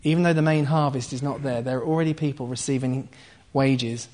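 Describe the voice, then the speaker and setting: A man's voice: mid-range voice, steady tone, brisk. A man preaching, retelling and explaining a scripture passage in a conversational teaching style, with asides to his listeners. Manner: explains scripture line by line with asides and soft laughs.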